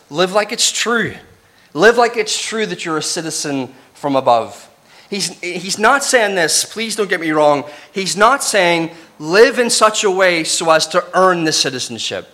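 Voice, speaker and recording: Casual Northern Irish pastor, clear bright voice, chatty teaching with lots of asides. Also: male voice, on the high side. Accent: Northern Irish, softened. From Northern Ireland. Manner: conversational, chatty, with restarts and asides. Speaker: preacher. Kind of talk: casual Bible teaching sermon.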